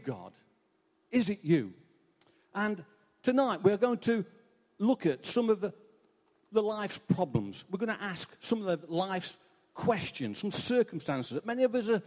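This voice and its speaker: Lively English preacher in a reverberant hall. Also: male voice, husky. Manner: lively, swinging pitch, dramatic pauses. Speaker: church speaker. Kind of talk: sermon with story and scripture reading. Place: church hall.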